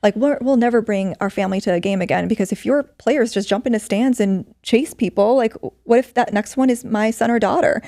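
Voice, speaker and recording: A woman's voice: on the high side, a little fast, few pauses, warm tone, no room sound, clean studio sound. A middle-aged woman, a podcast guest, telling a story earnestly in conversation with many fillers. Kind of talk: storytelling in an interview.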